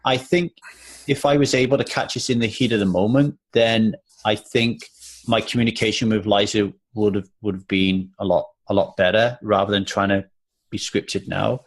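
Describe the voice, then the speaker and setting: A lowish-voiced man speaks haltingly and earnestly, often restarting his sentences as he works through a practice apology. His tone stays sincere and searching, as someone trying out new words in a therapy session. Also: steady tone. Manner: halting, self-correcting, earnest. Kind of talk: role-play practice in a live therapy session.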